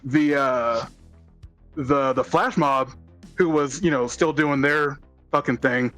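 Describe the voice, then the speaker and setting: Man, game master, bright clear tone, rambling with fillers, faint music behind. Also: takes it slowly. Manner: rambling, many fillers, bursts into high put-on voices. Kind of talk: narrating a tabletop game.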